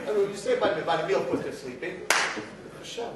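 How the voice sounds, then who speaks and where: A middle-aged man lectures as a rabbi, his voice high-pitched and leaping from soft asides to shouted bursts. He is caught from far off in a big hall that rings with echo. Faint background hiss sits under the talk. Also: sing-song, fast. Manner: swings from quiet asides to shouting, acts out arguing voices. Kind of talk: animated live talk. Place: large hall at a live event. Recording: distant, echoey hall recording with faint noise.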